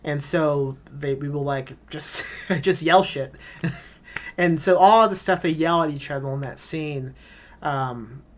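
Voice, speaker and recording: A man's voice: on the high side, slow, a little hiss or hum. A man being interviewed as a screenwriter guest on a podcast, talking casually in long rambling answers full of filler words and offhand swearing.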